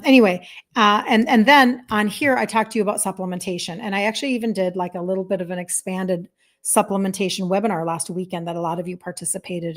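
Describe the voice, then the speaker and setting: A woman in her fifties from Minnesota, a health coach chatting casually on a livestream, reading viewer comments aloud in an earnest, apologetic way. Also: mid-range voice. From Minnesota, USA. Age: 50s. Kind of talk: casual live-stream chat.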